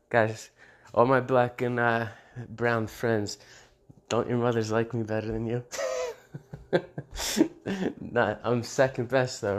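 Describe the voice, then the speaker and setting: Blunt, profane man rambling on his show. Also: mid-range voice. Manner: laughs at his own jokes. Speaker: show host. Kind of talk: casual unscripted monologue.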